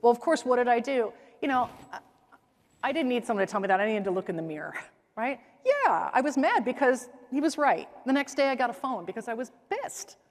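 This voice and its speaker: A woman's voice: fairly high pitch, brisk. Storytelling woman speaker in a reverberant hall. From American Midwest. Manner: lively storytelling, acts out quoted voices. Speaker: keynote speaker. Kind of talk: keynote talk on stage. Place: conference hall stage. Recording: large hall with long reverb.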